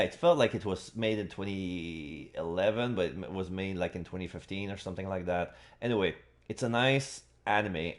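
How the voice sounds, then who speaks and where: A man streaming a game live, talking casually in a rambling way with many restarts. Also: low-pitched. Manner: rambling, full of fillers and restarts.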